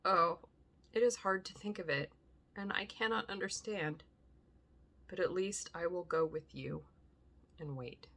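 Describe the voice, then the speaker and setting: A woman's voice: lowish voice, measured pace, pauses often, pushed and bright, exaggerated voice. A woman reading aloud and voicing an anguished young nobleman who pleads and cries out in indignation. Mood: broken. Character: anguished young English nobleman, grieving lover. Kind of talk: audiobook reading.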